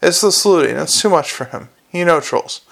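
A man reads a blunt dwarf watchman in his own slightly raised, gravelly voice. The lines come out plain and matter-of-fact. This is a storybook reading. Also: a little high, lively intonation, fairly quick, fairly bright tone. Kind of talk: audiobook character reading.

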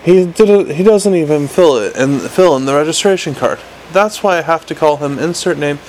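A man voicing a small male imp living in a pocket gadget, talking fast and pleading eagerly. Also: fairly high pitch, darkish tone, a little hiss or hum, natural voice, poor audio.

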